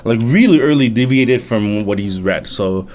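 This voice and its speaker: A man's voice: on the low side, lively intonation, normal speed, a little mellow. A man reviewing comics, reading aloud live and reacting with casual, laughing asides. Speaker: manga reviewer.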